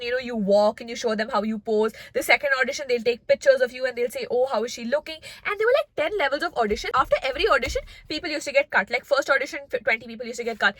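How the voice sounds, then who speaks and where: Young woman, Indian English accent, high voice, quick, bright, dry close sound, animated storytime vlog. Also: dry recording. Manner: animated, acts out voices of others in quotes. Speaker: vlogger.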